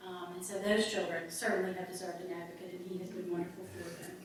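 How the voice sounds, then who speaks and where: A woman's voice: on the low side, level tone, fast talker, a little hiss or hum. Brief: woman, earnest folksy storyteller, mic far off in a very echoey hall. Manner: earnest, folksy, frequent ums. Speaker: guest speaker on a volunteer advocate program. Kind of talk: storytelling talk to a club meeting.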